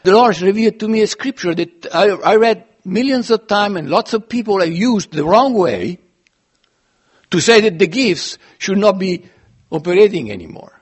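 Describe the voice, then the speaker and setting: Speaking at a moderate pace, this preacher has a high voice with lively intonation and a breathy edge. His sermon is earnest and emphatic, with sudden swells and drops in volume to drive points home.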